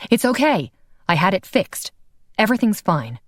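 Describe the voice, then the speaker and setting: A woman voicing a steady, protective young man, speaking lower in a firm, reassuring way. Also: moderate pace, no room sound, clean studio sound.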